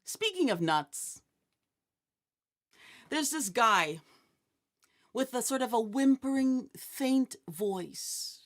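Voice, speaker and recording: Slow, high-voiced woman hosting an inspirational talk. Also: very animated. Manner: chatty, asks the audience questions, jokes. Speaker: host. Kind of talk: inspirational live-show talk.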